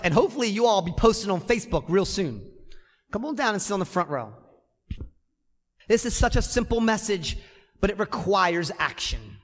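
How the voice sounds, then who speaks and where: A man's voice: high voice, a bit bright. A man preaching a sermon as pastor in a church, emphatic and repeating key phrases. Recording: long reverb of a church hall.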